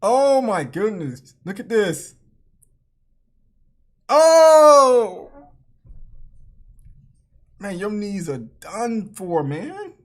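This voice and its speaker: A woman hosting a reaction video, talking through clips with frequent laughter and loud exclamations. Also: mid-range voice, expressive, slow, few pauses. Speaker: channel host.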